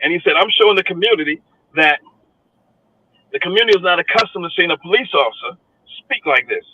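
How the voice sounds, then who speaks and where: Radio guest, New man, high voice, animated storyteller who plays every part, lo-fi broadcast sound. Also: fast talker, husky. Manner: storytelling, acts out quoted voices, laughs often. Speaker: guest, foundation director. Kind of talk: radio talk show interview.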